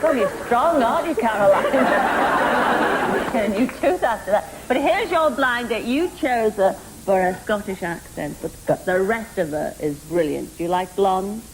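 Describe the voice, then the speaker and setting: A woman's voice: medium pitch, lively intonation, unhurried, a crowd in the background. A woman hosting a live TV dating show, chatty and teasing, gushing over the contestants. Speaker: game show host. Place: TV studio with live audience. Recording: hissy old VHS tape with loud studio audience.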